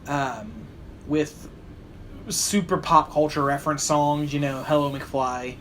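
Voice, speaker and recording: A man's voice: a little high, takes it slowly, a bit bright, a little hiss or hum. A man co-hosting a podcast in casual chat, rambling and hesitant, with many fillers. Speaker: podcast co-host.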